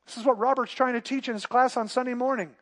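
A middle-aged man preaches with a notably high voice. He drops to soft, close passages, then climbs into loud, emphatic declarations. It is a pastor's sermon, delivered with conviction. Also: fairly even intonation, fast.

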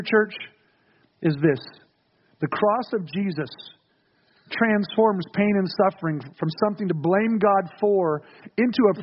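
Male pastor, sermon, earnest, repeats key phrases, breathy, muffled lo-fi sound. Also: on the high side.

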